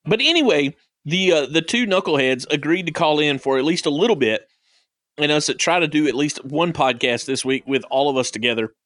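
A man's voice: a little high, brisk, fairly bright tone, no room sound, clean studio sound. A man hosting a podcast, steering the chat with teasing banter. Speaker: podcast host.

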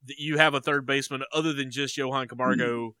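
A man co-hosting a casual sports podcast, chatty and teasing, growing animated when excited. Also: medium pitch, fast, smooth, no echo. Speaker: podcast co-host.

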